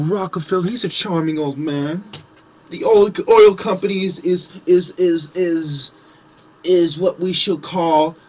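A man ranting angrily to camera with heavy swearing and mocking sarcasm, his voice swinging between loud outbursts and low muttering. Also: breathy edge. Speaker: conspiracy vlogger. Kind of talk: angry profane rant to camera.

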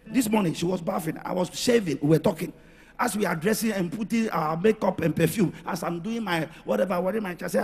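A middle-aged pastor delivers a sermon in a raspy, gravelly voice that is high for a man, speaking fairly quickly. He shifts between quiet, intimate asides and outright shouting. The recording comes from a reverberant hall with faint music beneath him.

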